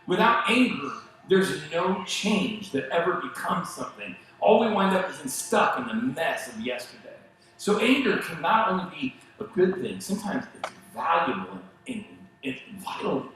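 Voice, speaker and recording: A middle-aged man preaching a sermon in a conversational, animated way, with asides and acted-out quotes, at a church stage mic. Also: on the high side, normal speed, a little hiss or hum. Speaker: pastor. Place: church auditorium. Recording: very echoey church hall.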